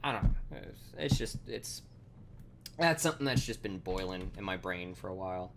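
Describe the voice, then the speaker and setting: A man's voice: low-pitched, expressive, normal speed, vocal fry, background noise. A man coding on a live stream, rambling and swearing with lots of fillers, muttering code to himself between rants. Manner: rambling, profane, many fillers. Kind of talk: casual live-coding rant.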